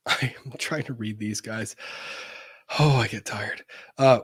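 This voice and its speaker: A man's voice: on the low side, slow pace, long pauses, slightly rough, no echo. A man hosting a live-streamed legal talk show, reading viewer messages aloud in a chatty, wry way with laughs and casual cursing.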